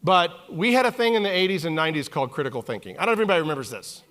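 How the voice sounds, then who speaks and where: A man in his forties giving a live keynote talk on a conference stage, animated and joking with the audience. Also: a little high, racing. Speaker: keynote speaker.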